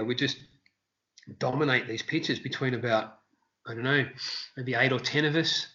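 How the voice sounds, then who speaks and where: A man who worked as a street performer, telling stories casually in an interview and acting out the voices of people he quotes. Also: highs cut off. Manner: animated storyteller, acts out quotes in high shouts.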